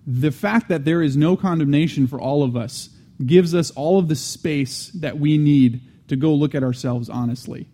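A man's voice: on the high side, moderate pace, few pauses, mellow. A man giving an earnest teaching sermon, restating key phrases and adding conversational asides between restarts. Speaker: Christian teacher.

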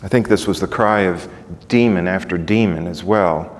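Man preaching with dramatic rising shouts. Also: low-pitched, normal speed. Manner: rising to loud dramatic shouts when quoting cries; asks the congregation rhetorical questions. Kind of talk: sermon. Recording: long hall reverb.

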